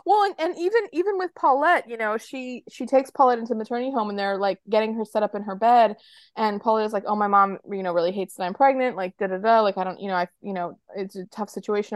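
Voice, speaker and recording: An American woman co-hosts a podcast, chatting casually and animatedly retelling scenes while acting out the characters' lines. She talks fast at a medium pitch, and there's no echo.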